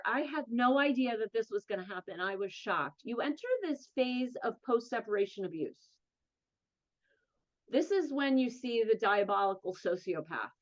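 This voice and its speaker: This muffled clip features a fairly high-pitched woman from New Jersey, going by her accent, who is being interviewed as an advocate. She shares her personal story openly and forcefully, her speech earnest and delivered in rapid bursts.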